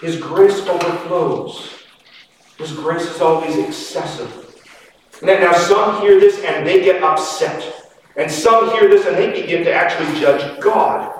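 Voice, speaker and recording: A man preaches slowly and with emphasis, his voice sitting a little high and rising and falling in loudness. The sound comes from a distance in a large, echoing sanctuary, with a faint hiss underneath. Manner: slow, emphatic preaching with dramatic swings in loudness. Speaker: pastor. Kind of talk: sermon. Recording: echoey hall, distant mic, faint noise.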